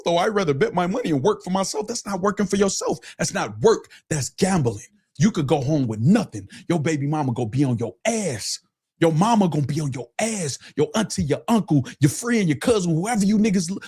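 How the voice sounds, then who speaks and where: Slightly rough, a little high and darkish in tone, a man who runs his own streaming platform goes off in a furious, foul-mouthed livestream rant, ridiculing listeners and repeating himself constantly.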